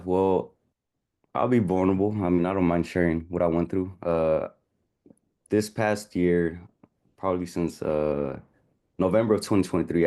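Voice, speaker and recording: Young man, 20s, low voice, hesitant and reflective, on a video call. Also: dark tone. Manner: halting and reflective, with pauses and "um"s. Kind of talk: candid personal sharing.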